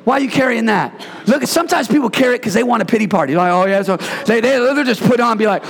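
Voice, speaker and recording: A man preaching an energetic sermon as pastor, playful and call-and-response, bursting into shouts. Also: very high-pitched, fast, vocal fry, few pauses. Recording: reverberant hall.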